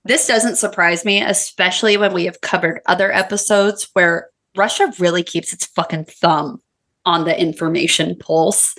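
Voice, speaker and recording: A woman's voice: lowish voice, fairly even intonation, normal speed, fairly bright tone. A woman co-hosting a podcast, chatting casually with swearing and reading her research notes aloud. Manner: profane, laughing banter. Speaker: podcast co-host.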